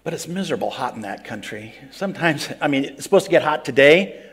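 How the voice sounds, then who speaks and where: A man's voice: a little high, expressive, quick pace, fairly bright tone, slight background noise. An actor playing a grumpy biblical prophet who complains a lot, telling his own story in first person in an interview, plain-spoken and earnest. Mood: storytelling. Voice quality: earnest, plain-spoken, breaks into pleading outbursts. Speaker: interviewee in character.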